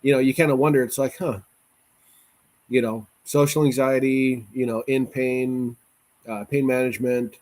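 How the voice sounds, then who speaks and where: A man's voice: medium pitch, steady tone, normal speed, a little mellow. A man hosting a casual podcast chat, opinionated and joking, often restarting his sentences.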